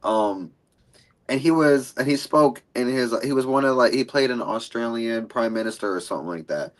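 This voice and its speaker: A man's voice: mid-range voice, moderate pace, low-quality recording. A man co-hosting a casual chat, playful and emotional as he tells stories. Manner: playful, emotional, animated storytelling. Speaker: co-host.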